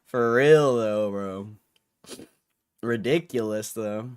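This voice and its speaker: A man's voice: fairly low pitch, slow pace, darkish tone, smooth. A young man hosting a livestream, ranting in an annoyed, swearing way with frustrated laughs. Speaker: livestream host. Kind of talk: casual livestream rant.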